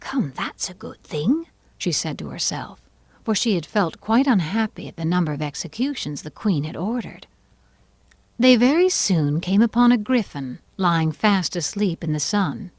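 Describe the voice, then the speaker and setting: A woman narrating an audiobook in an even, clear storytelling manner. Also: lowish voice, normal speed, dry recording. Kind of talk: scripted narration.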